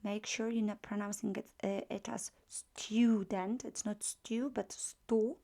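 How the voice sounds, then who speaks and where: Woman teacher, Polish accent, slow deliberate delivery, drills words, gravelly edge. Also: medium pitch, level tone, warm tone. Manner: frequent fillers and checking questions. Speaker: language teacher. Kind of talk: beginner language lesson.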